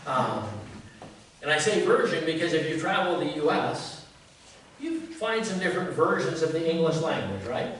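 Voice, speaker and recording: A man's voice: fairly high pitch, very animated, normal speed, fairly bright tone. A man in his fifties, a pastor giving a conversational sermon, folksy and joking, often asking the congregation rhetorical questions. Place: church sanctuary. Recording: very echoey church from a distance, faint noise.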